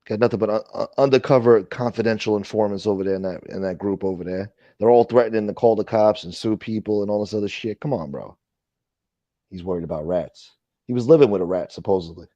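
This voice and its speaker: A livestream host with a fairly low, dark voice talks fast on a casual chat stream, ranting with profanity and thanking viewers for donations. The recording is dry and lo-fi.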